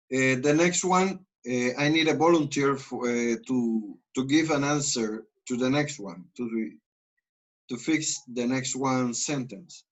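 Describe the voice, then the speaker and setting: A man with a Spanish accent teaching English, explaining grammar and slowly modeling example sentences. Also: medium pitch, poor audio. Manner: switches between languages, slow deliberate model sentences. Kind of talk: online class, explaining grammar.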